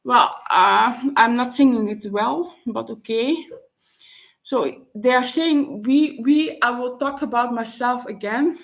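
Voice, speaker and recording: Halting woman, slightly high. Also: gravelly. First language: Dutch. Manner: halting, searching for words with frequent restarts. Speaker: vlogger. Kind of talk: personal reflective monologue.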